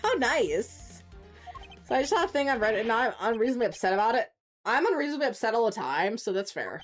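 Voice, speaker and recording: A woman in her forties streaming a game, chatting casually and ranting with profane, animated outbursts. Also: a little high, quick pace, faint music behind. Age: 40s. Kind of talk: casual gaming stream chat.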